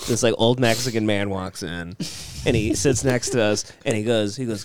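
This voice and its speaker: A man's voice: fairly low pitch, moderate pace. A young man hosting a casual podcast chat, telling jokey stories and mimicking people he met. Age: young adult. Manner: jokey storyteller, mimics people in raised voices. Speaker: podcast host.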